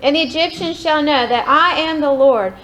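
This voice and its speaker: A woman reading scripture aloud in a steady, measured way. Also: high-pitched, rough recording. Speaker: scripture reader.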